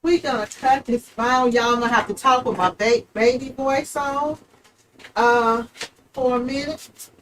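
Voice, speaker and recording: A woman's voice: on the high side, fairly even intonation, measured pace, slight background noise, low-quality recording. Chatty woman demonstrating printing. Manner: chatty, folksy, talks straight to viewers as y'all. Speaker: host of a live print-shop stream. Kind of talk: casual live craft demonstration.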